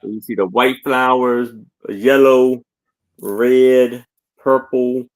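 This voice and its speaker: A man describes vintage items on a live sale chat, halting often and speaking at a slow pace. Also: medium pitch, little pitch movement, low-quality recording.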